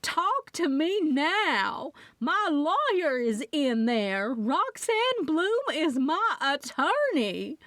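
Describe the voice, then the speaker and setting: A woman's voice: high-pitched, very animated, a bit bright, no echo, studio quality, pitched above the performer's own voice, exaggerated voice. A woman voicing a stern, wealthy Southern woman who screeches and draws out her words, with a Southern accent, in an audiobook. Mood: screeching. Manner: screeching, drawn-out, indignant.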